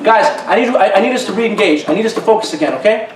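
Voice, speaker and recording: A man's voice: sits high, rapid-fire, a little hiss or hum. A young man giving a casual, slangy youth group talk, acting out little dialogues as he goes. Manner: slangy, animated, acts out dialogues. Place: room at a youth group gathering. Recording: roomy, mic at a distance.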